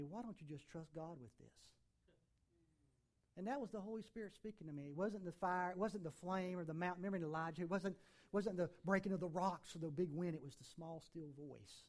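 A middle-aged man preaching a sermon as a pastor, emphatic, with sudden swings between loud and soft. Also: sits high.

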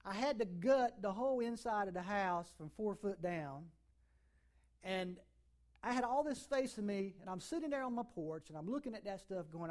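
A middle-aged man preaching a sermon as a pastor, emphatic, with sudden swings between loud and soft. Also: high voice, lively intonation, a little fast.

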